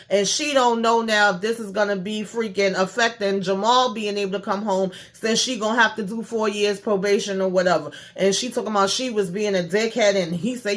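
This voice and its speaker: A woman's voice: on the high side, fairly even intonation, a little fast, a bit bright. A woman recapping a reality show for her channel in a blunt, exasperated, profane rant, talking straight to her viewers. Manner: addresses viewers directly. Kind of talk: casual review and recap rant.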